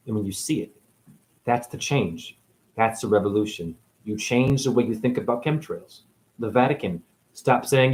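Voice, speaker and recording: A man from New England giving a profane, sarcastic monologue to camera, swinging between loud outbursts and near-whispers. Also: medium pitch, expressive, normal speed. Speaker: spiritual video host.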